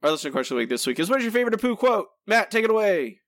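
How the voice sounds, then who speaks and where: A man's voice: high voice, sing-song, racing, fairly bright tone, slight background noise. A man co-hosting a podcast, giving a candid, critical spoken review in casual chat, hesitant when unsure. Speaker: podcast co-host, episode reviewer.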